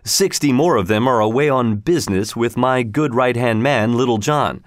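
A man's voice: normal speed, dry recording, lightly acted. A bold, proud outlaw leader from a storybook, put on by a man reading aloud. He talks in a jaunty, teasing manner with a lifted voice. The sound is close and dry, with no room around it. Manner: jaunty, mocking, raised pitch.

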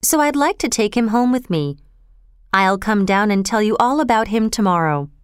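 A woman voicing a gentle, soothing mother in a storybook reading. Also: medium pitch, expressive, moderate pace, clean tone, no room sound, studio quality, close to an everyday voice. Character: warm, gentle mother reassuring her children.

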